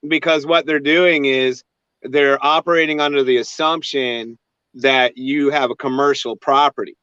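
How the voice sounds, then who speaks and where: A man's voice: medium pitch, fairly even intonation, normal speed, bright, forceful tone, clean tone, no echo. A man hosting a casual chat, talking hesitantly with many fillers and restarts. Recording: dry, dull lo-fi sound.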